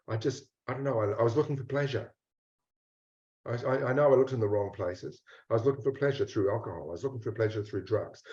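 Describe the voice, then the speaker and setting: A man voicing an ashamed, rejected inner part of a person, speaking quietly and hesitantly with stammers, in a roomy lo-fi recording. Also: fairly low pitch, natural voice.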